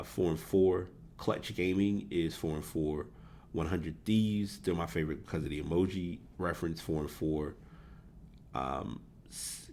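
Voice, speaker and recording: Podcast host, male, very low voice, rambling casual delivery, faint hiss behind. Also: a little mellow. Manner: rambling, self-correcting, chuckles at himself. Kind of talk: casual solo podcast talk about esports. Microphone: desk USB microphone.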